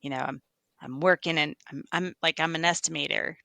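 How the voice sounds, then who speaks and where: A construction estimator on a podcast shares reflective, animated stories from her workplace during a casual interview. Her voice is deep and creaky, a little fast, and the recording is dry.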